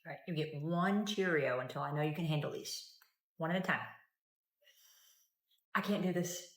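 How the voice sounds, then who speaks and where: A woman talking calmly and patiently as a parent, mixing dry humor into everyday parenting skits and advice. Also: sits low, normal speed, long pauses. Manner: calm, patient, dryly wry. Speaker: parent content creator.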